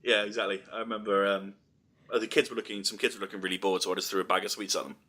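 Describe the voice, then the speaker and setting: Bright-voiced man telling rambling stories. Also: on the low side, flat delivery, racing. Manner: rambling anecdotes, many ums. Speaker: podcast host. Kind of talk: casual chat.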